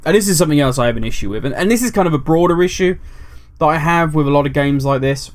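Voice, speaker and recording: A man's voice: on the high side, quick pace. Rambling jokey man on games. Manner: rambling, jokey, animated, swears freely. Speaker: gaming video host. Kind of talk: casual gaming commentary.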